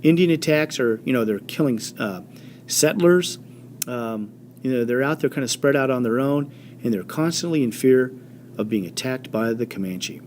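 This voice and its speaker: History teacher guy, lively storytelling, middle pitch, faint hum behind. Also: normal speed. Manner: animated storytelling with voiced quotes and fillers. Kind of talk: classroom history lecture.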